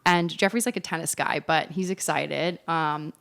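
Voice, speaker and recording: A young woman with an Australian accent, co-hosting a casual podcast chat and telling animated stories, acting out other people's lines. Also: low voice, moderate pace, vocal fry. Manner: animated storytelling, acts out quoted voices, laughs often. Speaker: podcast co-host.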